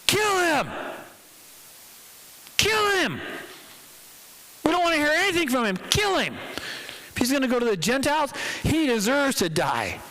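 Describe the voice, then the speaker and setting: A man voicing an enraged ancient mob that shouts for a man's death, high and frantic. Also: big pitch swings, unhurried, long pauses, in a large hall, exaggerated voice, low-quality recording. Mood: furious.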